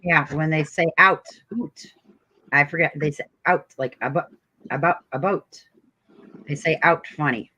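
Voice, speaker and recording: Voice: medium pitch, steady tone, moderate pace, bright, forceful tone, breathy edge, poor audio. A co-host on a casual stream, curious and asking many questions in a drawling way.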